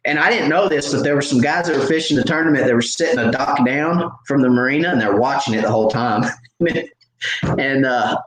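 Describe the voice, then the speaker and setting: A man hosting a live Q&A, telling a story in an animated, self-mocking, casual way. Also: medium pitch, brisk, reverberant, a loud crowd, poor audio. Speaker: host.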